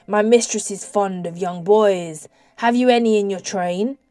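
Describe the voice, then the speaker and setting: Woman voicing a gravelly slimy lake creature. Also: a little slow, dark tone, dry recording, close to an everyday voice. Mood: sly, bargaining. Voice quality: deep gravelly voice. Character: small slimy male lake creature, cold and callous. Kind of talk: audiobook character voice.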